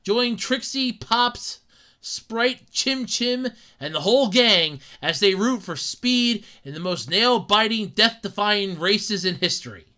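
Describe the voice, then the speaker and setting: A woman hosting a podcast, delivering an excitable, swearing, comedic rant with frequent laughs. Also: mid-range voice, slow. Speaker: podcast host. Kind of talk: ranting comedic podcast monologue.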